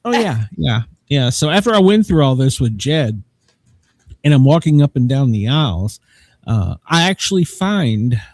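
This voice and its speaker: A man's voice: mid-range voice, very animated, moderate pace. A man hosting a podcast, chatting casually, rambling and joking with frequent laughs. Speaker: podcast host. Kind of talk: casual chat.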